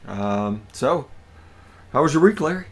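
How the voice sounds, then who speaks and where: A man hosting a casual livestream with a gravelly, raspy edge to his voice. His pitch swings widely as he greets viewers one after another. The talk is upbeat and relaxed. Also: a little slow. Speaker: livestream host.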